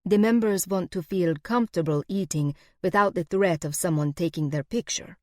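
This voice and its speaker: Lady doing a bland waitress, thick eastern european accent, lowish and dry. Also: normal speed, dry recording, natural voice. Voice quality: bland, flat delivery.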